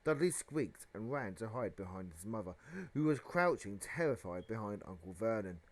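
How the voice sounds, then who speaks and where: A man reading a children's novel aloud as narration, with a dramatic, expressive delivery. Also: fairly low pitch, normal speed. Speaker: audiobook reader. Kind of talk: storybook narration.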